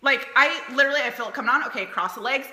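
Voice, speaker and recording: A woman in her thirties, a podcast co-host, chatting casually, giggly and lively and speaking straight to listeners. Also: sits high, racing, roomy sound. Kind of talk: casual chat.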